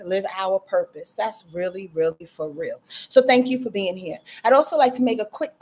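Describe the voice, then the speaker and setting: A woman's voice: medium pitch, darkish tone. A middle-aged woman chatting casually as an astrologer hosting a livestream, greeting viewers by name and ranting freely. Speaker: astrologer and channel host.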